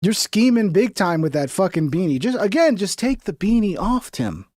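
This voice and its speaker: A man's voice: high voice, big pitch swings, moderate pace, a little mellow, dry recording, studio quality. A man hosting a livestream, reacting to video clips in a casual, mocking way and swearing freely. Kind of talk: casual profane reaction commentary.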